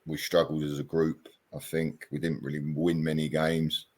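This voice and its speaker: A middle-aged man from England, a former footballer chatting in an interview, hesitant and self-deprecating with many pauses and ums. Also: rumbling low, flat delivery, breathy edge. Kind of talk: casual interview chat.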